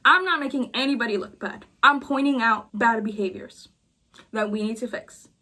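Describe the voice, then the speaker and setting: A woman's voice: fairly high pitch, moderate pace, sharp tone. Emphatic woman venting to camera. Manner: emphatic, repeats points for force. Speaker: video creator. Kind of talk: casual venting chat.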